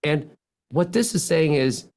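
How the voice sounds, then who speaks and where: A man, a physician, giving speaking advice as a podcast guest, animated and lively, swinging his voice up and down and acting out example lines in contrasting tones. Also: unhurried. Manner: animated, swings pitch widely to demonstrate points. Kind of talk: podcast interview, coaching talk.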